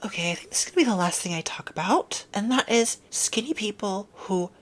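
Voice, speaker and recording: A woman's voice: medium pitch, fairly quick, over loud music. A young woman vlogger ranting bluntly and sarcastically about things she dislikes, dropping into whispered asides. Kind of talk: casual opinion rant.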